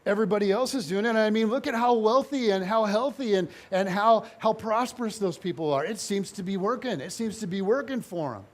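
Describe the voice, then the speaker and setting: A pastor preaching a sermon, retelling scripture with animated storytelling and voiced dialogue. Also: male voice, high voice, a little fast, few pauses. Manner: animated storytelling, voicing biblical figures in dialogue.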